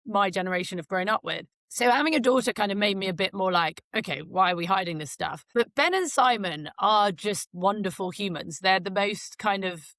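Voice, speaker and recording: A woman's voice: mid-range voice, animated, normal speed, few pauses, fairly bright tone, dry recording. Frank, jokey middle-aged woman. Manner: frank and jokey, swears, rambling tangents. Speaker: podcast guest, equestrian broadcaster. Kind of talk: candid conversational interview.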